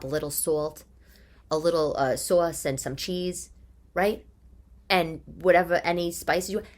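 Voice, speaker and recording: Chatty New York mom, lowish voice. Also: female voice. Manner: chatty, opinionated, fires off rhetorical questions. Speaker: podcast host; mother. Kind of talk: casual monologue. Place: living room.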